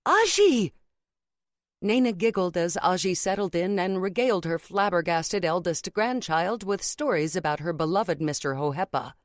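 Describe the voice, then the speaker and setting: Her voice on the low side, a woman narrates an audiobook from a script, keeping her storytelling even and measured. There's no echo, and the studio sound is clean.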